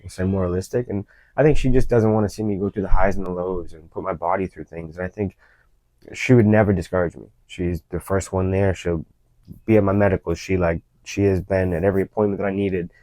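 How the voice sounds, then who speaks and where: A man who fights and coaches in mixed martial arts, talking in a casual interview with loose, fast storytelling full of "you know" fillers. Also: low voice, fairly even intonation, dark tone, dry recording, low-quality recording.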